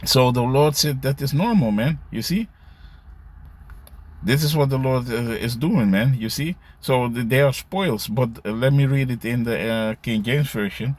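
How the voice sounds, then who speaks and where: A man's voice: medium pitch, measured pace. A man giving casual scripture commentary, reading verses aloud and tagging lines with "you see" and "man". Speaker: religious commentator.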